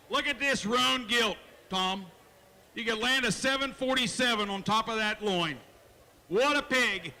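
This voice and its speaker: Bright, high-voiced auctioneer man. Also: long reverb tail. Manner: rattles off bids in a fast rhythmic chant; folksy, jokes with bidders and kids. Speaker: livestock auctioneer. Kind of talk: rapid auction chant and announcements. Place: county fair show arena.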